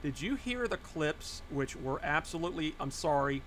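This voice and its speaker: A man co-hosting a casual podcast, telling stories excitedly and acting out the lines he quotes. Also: a little high, normal speed, slight background noise. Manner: excitable storyteller, acts out quotes. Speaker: podcast co-host. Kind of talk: casual chat.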